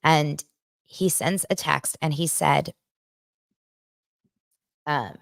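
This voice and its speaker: A woman hosts her own show, talking into a microphone with a fairly low voice. She is personal and emotional, looping back and restarting her sentences. The sound is dry and close with no room around it. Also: fairly even intonation, very slow, gravelly, pauses often, no room sound. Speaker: host of a daily pop culture show. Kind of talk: candid casual chat. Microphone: studio microphone.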